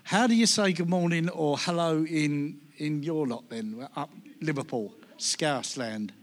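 A man's voice: fairly high pitch, a little slow. A man leading a church service, teasing and joking as he hands over to the next speaker. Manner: playful, teasing. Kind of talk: jokey banter between speakers.

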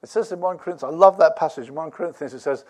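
Guy preaching, kinda high voice, goes real quiet then booms, chuckles a lot. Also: very fast. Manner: animated, dropping to near-whispers and rising to loud emphasis, laughs while preaching. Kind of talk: sermon.

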